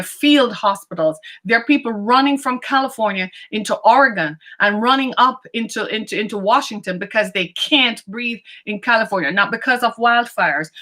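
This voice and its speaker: A woman's voice: fairly high pitch, sharp tone. A woman hosting a podcast, delivering a fiery, impassioned monologue full of pleading questions to her listeners. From United States. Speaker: podcast host. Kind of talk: preachy monologue.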